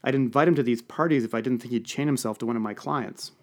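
A man's voice: mid-range voice, fast talker, lightly acted. A man voicing a confident, gossipy woman lobbyist who hosts a party. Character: woman lobbyist party host, knowing and chatty.

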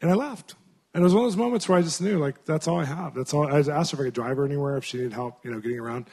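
Animated, high-voiced man preaching. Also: racing. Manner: animated, conversational storytelling with frequent laughs. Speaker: Christian minister and author. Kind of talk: storytelling sermon.

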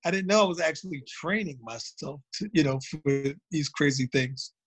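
A Baltimore drummer, appearing as a guest in a casual interview, tells loose, rambling stories peppered with "you know." His voice sits on the high side, slightly rough, at a moderate pace.

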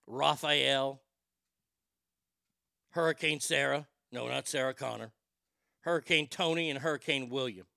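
A man's voice: medium pitch, measured pace, gravelly, pauses often, no echo, clean studio sound. A man hosting a show, delivering a profane comic rant with mock outrage. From Texas. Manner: ranting, profane, mock outrage with loud outbursts. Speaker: radio show host. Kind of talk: comedic rant.

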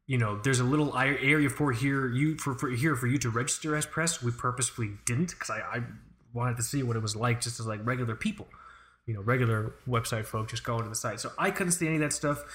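A young man co-hosting a podcast, ranting in casual chat with lots of swearing. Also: mid-range voice. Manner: profane, ranting, animated. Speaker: podcast co-host.

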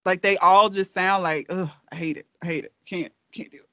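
A high-pitched man with a Southern US drawl talks bluntly and emphatically, often breaking into laughter. His voice is dry and close, with a dull, slightly lo-fi sound. He is from Alabama. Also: fairly even intonation, fairly quick, bright, forceful tone, dry recording. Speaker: podcast co-host. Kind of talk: casual chat.

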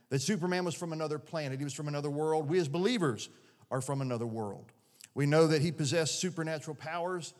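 A man in his forties preaching a sermon as a pastor, folksy and animated, with homespun jokes. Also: a little high. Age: 40s. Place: church sanctuary. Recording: long church-hall reverb.

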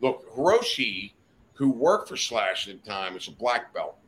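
Older male guest storyteller, profane and rambling, with a lively, swooping voice and a faint hiss. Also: mid-range voice, a little slow. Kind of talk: casual chat, storytelling. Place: studio.

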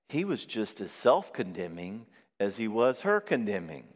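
A man preaching a sermon on marriage, lively and conversational, acting out quoted voices now and then. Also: fairly low pitch, normal speed. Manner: animated, acts out quoted voices. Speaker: pastor and therapist. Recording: long reverb of a hall.

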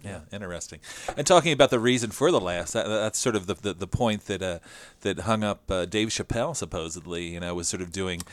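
A middle-aged man hosting an interview, speaking thoughtfully and haltingly with many fillers. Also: low-pitched, a little hiss or hum. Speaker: podcast host. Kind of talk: casual interview chat.

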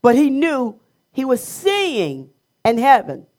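High-pitched woman teaching the Bible. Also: huge pitch swings, slow pace, darkish tone. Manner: builds to emphatic repeated phrases.

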